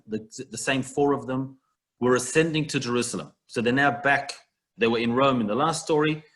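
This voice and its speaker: A man with a mid-range, fairly bright voice teaches a Talmud passage in an online text study class. Heard via video call, he goes through it conversationally and relies on everyday comparisons.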